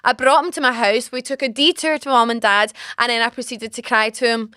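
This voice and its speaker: A woman in her twenties hosts a podcast, telling a story in a casual, animated way, laughing often and acting out what people said. Her voice is fairly high, a little fast, clear and resonant. The recording is dry and studio quality.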